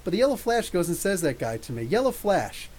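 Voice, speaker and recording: Animated middle-aged man ranting. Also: high voice, brisk, low-quality recording. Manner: animated, profane, mocking ranting. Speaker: podcast host. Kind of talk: live Q&A rant.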